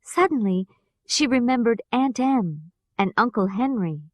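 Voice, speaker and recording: A woman with an American accent reading a graded storybook for language learners, clear and deliberate. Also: a little high, lively intonation, dry recording. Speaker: reader. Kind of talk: slow scripted narration for language learners.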